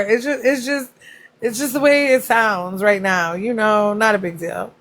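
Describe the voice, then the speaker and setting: A woman's voice: mid-range voice, normal speed, fairly bright tone. A woman hosting a casual livestream, chatting and reacting to comments, laughing often and swearing freely. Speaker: livestream host.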